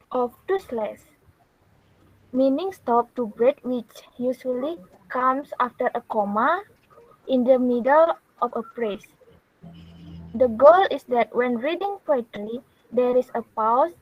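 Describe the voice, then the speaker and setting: A young woman with a high voice gives a class presentation, explaining at a slow, halting pace with pauses. The recording sounds dull and lo-fi. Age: young adult. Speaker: university student presenter.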